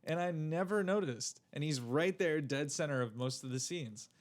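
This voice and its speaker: A man's voice: fairly high pitch, lively intonation, normal speed. A man co-hosting a movie podcast in casual chat, talking freely with swearing and frequent laughs. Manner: chatty, swearing, laughs often. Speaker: podcast co-host.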